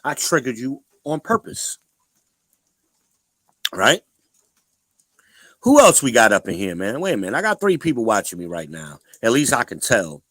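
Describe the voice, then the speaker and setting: A blunt, preachy man hosts a livestream and lectures his chat in casual talk. His voice swings up and down in pitch and has a bright, forceful edge. It sits close and dry on the mic. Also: wildly swooping pitch, normal speed, pauses often, dry recording, rough recording. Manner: blunt and preachy, addressing chat viewers directly. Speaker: livestream host.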